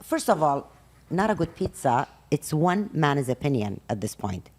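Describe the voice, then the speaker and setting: A middle-aged woman with a notably low voice that rises and falls a great deal. She puts her opinions across emphatically in relaxed podcast talk. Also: a little slow. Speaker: guest, a mother. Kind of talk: casual podcast chat.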